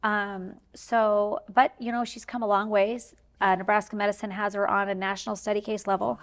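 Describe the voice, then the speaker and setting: A woman's voice: mid-range voice, little pitch movement, moderate pace. A woman speaking as a talk show guest, telling a family story in a rambling, heartfelt way with many fillers. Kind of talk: candid interview talk.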